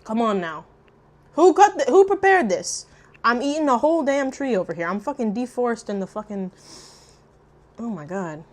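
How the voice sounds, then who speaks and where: A young woman chatting casually while eating on camera, loud and profane, jumping between shrieks and low mutters. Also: big pitch swings, normal speed, pauses often. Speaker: mukbang vlogger. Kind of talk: casual eating vlog chat.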